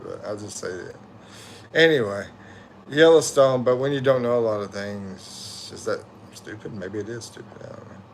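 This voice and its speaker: A man's voice: fairly low pitch, gravelly, slight background noise. A tired middle-aged man from the USA hosting a livestream, rambling and correcting himself as he chats loosely with viewers. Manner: rambling, self-correcting, loose slangy talk. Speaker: livestream host. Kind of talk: casual livestream chat reading viewer comments.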